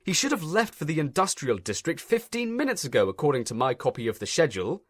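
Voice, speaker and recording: A man's voice: a little high, sing-song, fast talker, dry recording, clean studio sound, pitched above the performer's own voice. A man voicing a pompous, stern male railway inspector who talks in a fussy, officious way.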